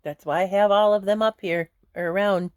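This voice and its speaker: A woman's voice: mid-range voice, steady tone, moderate pace, a little mellow, clean tone, dry recording, studio quality. A woman vlogging at home in a casual, rambling way, chuckling often as she talks. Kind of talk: casual chat to camera.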